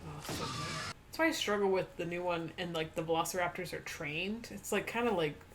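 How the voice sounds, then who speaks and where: A woman's voice: lowish voice, a little fast, background noise. A woman co-hosting a casual movie-watching chat, talking in a chatty, rambling way and giggling often. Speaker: co-host.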